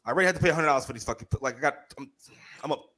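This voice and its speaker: A man co-hosting a podcast, telling a story in casual chat, profane and heated, animated as he goes. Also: mid-range voice, very fast. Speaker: podcast co-host.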